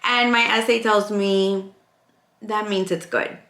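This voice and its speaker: Woman vlogger, mid-pitched, lively storyteller, recorded in an echoey room. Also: takes it slowly. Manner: animated storytelling, acting out quoted dialogue. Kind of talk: casual storytime vlog.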